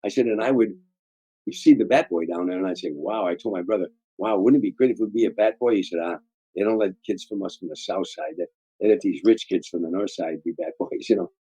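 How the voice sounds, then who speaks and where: A man's voice: sits low, fast talker, warm tone, breathy edge, dry recording, poor audio. An older man, a comedian telling rambling, heartfelt stories in an interview, often repeating words. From Chicago area, USA. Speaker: guest comedian. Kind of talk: storytelling interview.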